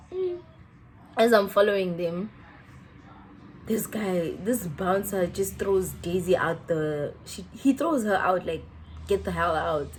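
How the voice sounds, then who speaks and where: Animated South African woman telling a story. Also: mid-range voice, a little hiss or hum. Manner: animated, slangy, mixing in Zulu-style phrases, laughing a lot. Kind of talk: casual storytime.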